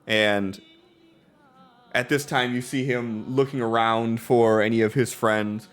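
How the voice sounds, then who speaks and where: A man's voice: medium pitch, fairly even intonation, takes it slowly, soft background music. A man narrating a tabletop game as game master, telling the scene in a laid-back way with plenty of ums and uhs. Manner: laid-back, filler-heavy storytelling.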